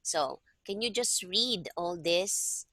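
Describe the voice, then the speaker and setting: Language tutor, woman: bright, forceful voice with a low-ish pitch, patient explainer on a video call. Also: lively intonation, slow, dry recording. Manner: patient, checks understanding often. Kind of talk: one-on-one online tutoring.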